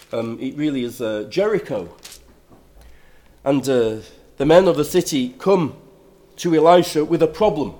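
Delivering a sermon, an older preacher reads a scripture passage and unpacks it, starting measured and growing emphatic. He sounds a little high-pitched, with a darkish tone.

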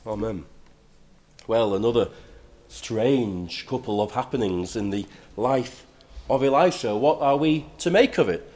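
An older man preaching a sermon, reading scripture aloud and then explaining it in a measured way that grows emphatic. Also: medium pitch, a little mellow.

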